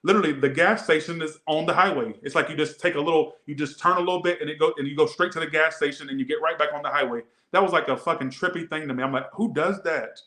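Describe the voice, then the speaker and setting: A man's voice: a little high, racing, hardly any pauses, bright, forceful tone, roomy sound. A man doing a casual tarot reading, rambling and swearing, often repeating himself. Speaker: tarot reader.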